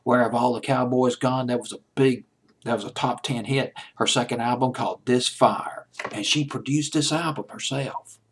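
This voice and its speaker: A man's voice: medium pitch, steady tone, normal speed, husky. A man hosting a home-made countdown show, talking casually and enthusiastically with asides and restarts. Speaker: countdown host. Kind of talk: casual radio-style countdown talk.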